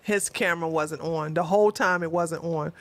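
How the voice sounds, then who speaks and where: A woman hosting a casual livestream, chatting with her viewers in an animated way, often laughing and talking back to the chat. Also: low voice, normal speed, no echo. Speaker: livestream host.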